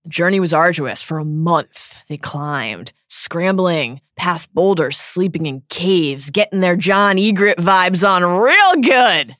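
A woman co-hosting a podcast, recapping a book chapter with wry, animated asides. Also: fairly low pitch, slow pace, hardly any pauses, dry recording, studio quality. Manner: wry, animated retelling with laughs. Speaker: podcast co-host. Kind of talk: casual book-discussion recap.

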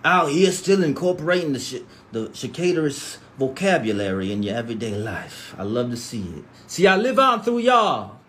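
A man hosting a casual livestream, reading viewer comments aloud and answering them in animated, profane, slangy banter into a phone. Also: mid-range voice, normal speed, hardly any pauses.

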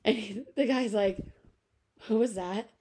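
A woman's voice: mid-range voice, measured pace, mellow, husky. A young woman in her twenties co-hosting a podcast, telling a story in casual chat, full of filler words and laughing often. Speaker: podcast co-host.

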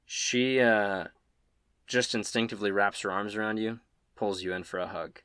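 A man narrating as game master in a relaxed, jokey storytelling way. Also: lowish voice, moderate pace, clean tone, no room sound, studio quality.

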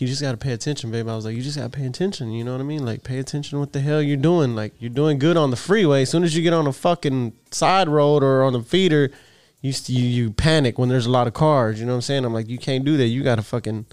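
A man's voice: medium pitch, fast talker, hardly any pauses, a little mellow, clear, resonant tone, no room sound, studio quality. A middle-aged man, telling a rambling, profane story in casual podcast chat. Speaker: podcast co-host.

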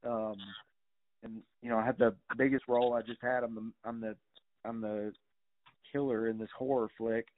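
A middle-aged man's mid-range voice shows little pitch movement as he tells stories at a normal pace as a guest. His casual rambling includes many fillers and some swearing, captured in tinny, phone-like audio.

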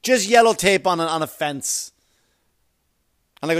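A man's voice: a little high, animated, moderate pace, long pauses, a bit bright, clear, resonant tone, dry recording, studio quality. A man doing a rambling, profane stand-up comedy routine full of conversational asides.

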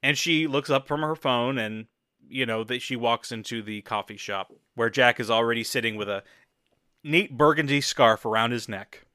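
A man narrates an improvised comedy scene in a bright, sharp voice. He talks loosely and casually, with plenty of fillers. The sound is dry and close. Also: medium pitch, moderate pace, clean tone, no echo.

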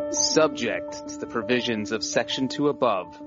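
A man on a podcast giving a calm, carefully enunciated dramatic reading of a legal text. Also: medium pitch, moderate pace. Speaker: podcast guest, football writer. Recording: dull lo-fi sound with music underneath.

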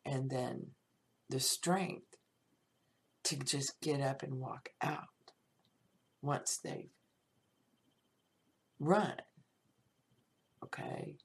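A woman hosting her own podcast, talking through life lessons in a plain-spoken, reflective monologue. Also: extremely low pitch. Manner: slow, gravelly, plain-spoken. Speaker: podcast host.

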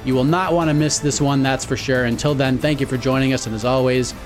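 A man's voice: medium pitch, fairly even intonation, fast, soft background music. A man co-hosting a sports podcast, talking in an upbeat, casual way with some fillers as he wraps up the show. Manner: upbeat, sign-off patter with fillers. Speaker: podcast co-host.

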